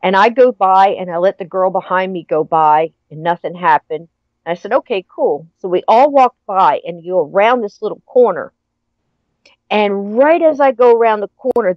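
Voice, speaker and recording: A woman's voice: medium pitch, normal speed, no room sound. A middle-aged woman in casual chat, animatedly telling a story with frequent laughter. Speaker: podcast guest. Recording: dry, muffled lo-fi audio.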